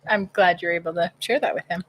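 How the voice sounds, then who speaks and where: A woman's voice: on the low side, quick pace, rough recording. A woman co-hosting a casual live stream, reading out viewer comments and chatting along. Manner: lively, reads chat messages aloud.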